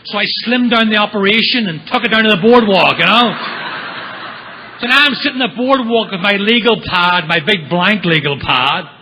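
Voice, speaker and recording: A man tells his recovery story at a meeting. His voice sits high and is very bright, and he slips into quick impressions of the people in his tale. A faint hiss of noise runs under the recording. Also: poor audio. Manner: animated storyteller acting out quotes. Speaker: AA speaker.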